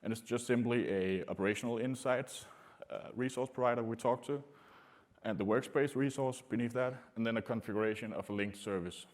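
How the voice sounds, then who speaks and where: A man giving a technical conference talk to a room, speaking in a halting way with many filler sounds. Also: mid-range voice. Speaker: conference presenter.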